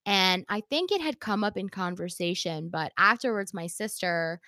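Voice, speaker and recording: A woman's voice: medium pitch, moderate pace, dry recording, clean studio sound. A woman telling a story in casual chat, acting out the quoted lines with lots of "like" fillers. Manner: animated, acts out quoted dialogue, many "like" fillers.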